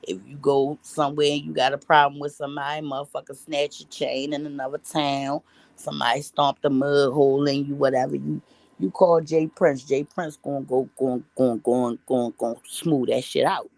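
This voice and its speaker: A woman's voice: extremely low pitch, flat delivery, brisk, gravelly, a little mellow, no room sound. A woman vlogger telling a story in casual commentary, blunt and profane, rambling with restarts and asides. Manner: profane, blunt and heavy on slang.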